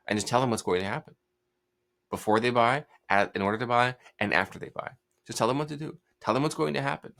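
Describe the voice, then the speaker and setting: A man's voice: mid-range voice, fast talker, creaky, fairly bright tone. A man hosting a solo talk, blunt and commanding in his advice. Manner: blunt, commanding, mocks hesitant speech with put-on hedging. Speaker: host. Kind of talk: solo commentary on persuasion.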